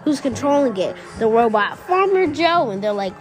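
A woman's voice: on the high side, lively intonation, moderate pace. Rambling woman retelling a cartoon plot. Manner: rambling, self-correcting, with exasperated asides. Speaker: storyteller. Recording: music playing underneath.

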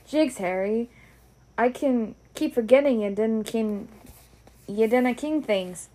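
A woman's voice: a little high, takes it slowly, dark tone. A woman with a Scottish accent reading the lines of a big, kindly male groundskeeper giant in a rambling, homely way. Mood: explaining. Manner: rambling, homely Scots speech.

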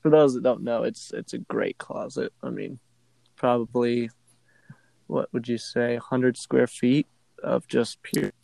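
A man's voice: mid-range voice, fairly even intonation, unhurried, gravelly, darkish tone, no echo. A man in his twenties from the New Orleans area co-hosting a podcast from a closet, rambling and self-deprecating. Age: 20s. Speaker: podcast co-host. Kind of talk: casual podcast banter. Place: small closet in a house.

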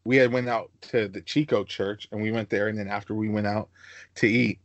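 A young man hosting a casual podcast chat, telling animated stories and slipping into high-pitched voices for the people he quotes. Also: a little fast, dry recording, muffled recording. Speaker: podcast host.

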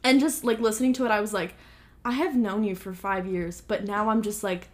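A young woman co-hosting a podcast, telling stories in a chatty, animated way with lots of "like". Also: medium pitch, brisk. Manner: chatty, animated storytelling with frequent "like". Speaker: podcast co-host. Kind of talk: casual chat.

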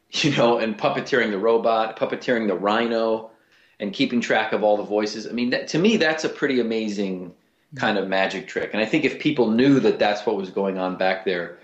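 Comedian guy chatting in an interview, lowish voice, kinda roomy and muffled. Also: moderate pace. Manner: animated storyteller, lots of restarts. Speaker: voice actor and comedian, guest. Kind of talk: casual interview chat.

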